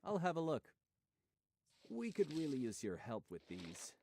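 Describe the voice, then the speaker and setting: An actor playing a male quest-giving game character who speaks in a brisk, businesslike way. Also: fairly high pitch, wildly swooping pitch, vocal fry, darkish tone, slight background noise, full character voice.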